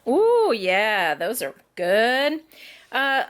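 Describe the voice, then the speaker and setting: A woman's voice: on the high side, wildly swooping pitch, extremely slow, fairly bright tone. A woman chatting casually in a family home vlog, telling stories with laughs. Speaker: vlogger mother.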